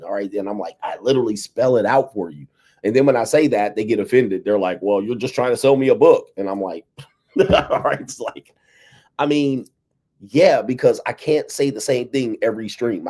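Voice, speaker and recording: A man's voice: lowish voice, a little mellow. An American man hosting a casual livestream monologue, padding his talk with frequent "all right" and small chuckles. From United States. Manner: repeats "all right" between phrases, chuckles. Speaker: livestream host. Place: abroad, indoors.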